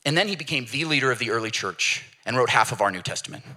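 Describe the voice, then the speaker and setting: A man delivers a sermon from the pulpit, telling stories with animation. His voice is bright, his pitch moves a lot, and he slips into voices for the people in his stories. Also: fast. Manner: animated storytelling with acted voices. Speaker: pastor.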